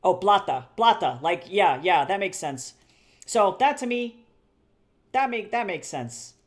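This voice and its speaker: A chatty, rambling streamer talks casually while drawing at home. The voice sits at an everyday middle pitch and wanders through self-corrections and repeated phrases. Casual swearing slips in along the way. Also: sing-song, slow. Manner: swears casually and laughs at own jokes. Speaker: artist streaming live commission work.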